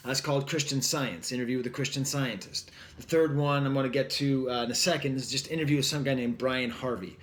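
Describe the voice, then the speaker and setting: A man's voice: medium pitch, a bit bright, slight background noise. A man casually reviewing an album, rambling with lots of fillers in a wry tone. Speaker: record reviewer.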